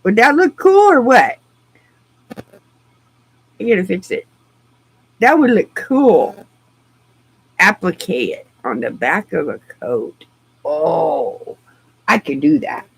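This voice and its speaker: A woman streaming live, chatting casually in an excitable, rambling way and laughing easily. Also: on the low side, takes it slowly, creaky, pauses often, husky, no room sound, poor audio.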